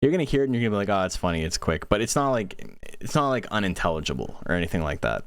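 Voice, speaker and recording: Deep-voiced man doing casual game commentary. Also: big pitch swings, clean tone, no room sound. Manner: rapid, chatty, answers chat questions. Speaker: tournament commentator and streamer.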